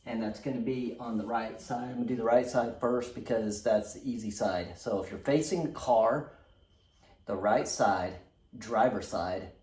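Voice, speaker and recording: A man's voice: fairly low pitch, moderate pace, darkish tone. A man casually explaining a car repair step by step while he works, cracking self-deprecating jokes along the way. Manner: joking, self-deprecating asides. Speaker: DIY car mechanic host. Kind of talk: casual how-to narration while working.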